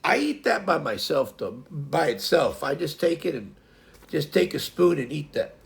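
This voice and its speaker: A live-stream host in his fifties rambles casually and folksily, often using fillers and starting over. He speaks at normal speed in a creaky, slightly high voice with big swings in pitch.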